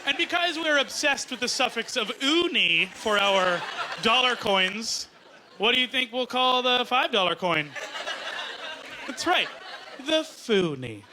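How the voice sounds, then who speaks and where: A Canadian man performing a stand-up comedy routine on a club stage, animated and mocking, slipping into mock outrage. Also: very high voice, measured pace, a loud crowd, very noisy.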